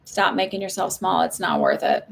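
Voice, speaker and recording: A woman's voice: mid-range voice, wildly swooping pitch, normal speed, creaky. A woman giving casual psychic readings on a live stream, chatty and reassuring, with many likes and ums.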